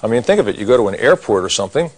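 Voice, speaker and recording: A man's voice: medium pitch, very animated, rapid-fire, slightly rough. A middle-aged man teaching a cartoon drawing lesson, talking through each step as he draws and cracking corny jokes. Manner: folksy, corny jokes, talks while drawing. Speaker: drawing instructor.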